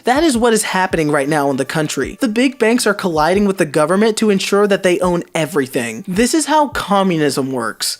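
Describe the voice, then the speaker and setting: Male commentator, mocking and exasperated, very animated intonation. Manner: mocking, exasperated, lively swings in pitch. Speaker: commentator reading out social media posts. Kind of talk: sarcastic commentary.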